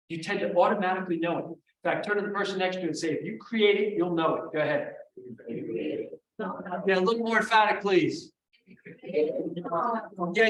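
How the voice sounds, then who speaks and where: A man with a high, lively voice runs a memory seminar, firing questions at his audience and waiting for them to answer back. He sounds far from the mic in an echoey room. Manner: energetic, call-and-response with the audience. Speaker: memory trainer. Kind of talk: live seminar teaching. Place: large room before a live audience.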